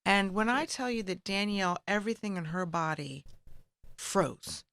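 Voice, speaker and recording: A woman's voice: medium pitch, animated, normal speed, a bit bright, no room sound. A middle-aged American woman telling stories as a guest in a casual chat, acting out the people she quotes. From United States. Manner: storytelling, acts out quoted voices.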